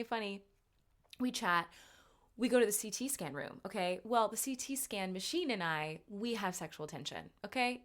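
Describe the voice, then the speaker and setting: Animated, jokey woman telling a story. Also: medium pitch. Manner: animated, jokey, self-mocking, swings up for punchlines. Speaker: podcast host. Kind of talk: casual comic storytelling.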